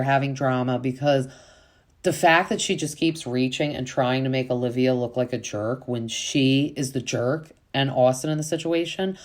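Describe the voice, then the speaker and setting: A woman with a very low voice talks through reality TV drama in a casual, opinionated recap. She leans on "like" and "um" as she goes and slips into quick voices for the people she quotes. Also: a little mellow. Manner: chatty, opinionated, frequent "like" and "um" fillers. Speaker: podcast host.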